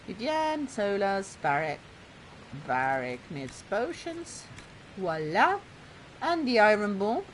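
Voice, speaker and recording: A Bologna woman hosts a let's play, her mid-range voice very animated and slow, with a light Italian accent carrying a slight Bolognese lilt and drama-school trained diction. She rambles casually through the game with self-deprecating asides, and there's a little hiss or hum on the recording.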